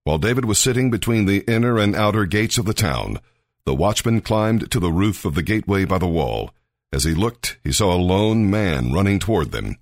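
A man reading scripture aloud in a measured, expressive manner. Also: deep voice, no echo, clean studio sound. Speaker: scripture reader.

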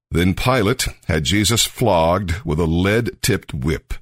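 Deep-voiced man reading scripture. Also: dry recording, studio quality. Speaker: scripture reader.

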